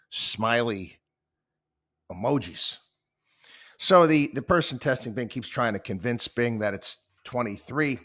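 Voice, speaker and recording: A male host giving casual, halting commentary with many fillers and restarts. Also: lowish voice, bright, forceful tone.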